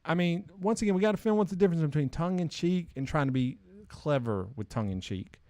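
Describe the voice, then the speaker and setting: A slightly high-voiced man in his forties holds court as a podcast host, tossing out strong opinions in a lively, ranting way. The sound is dry and close, with no room around him. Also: fast, no room sound. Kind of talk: casual chat.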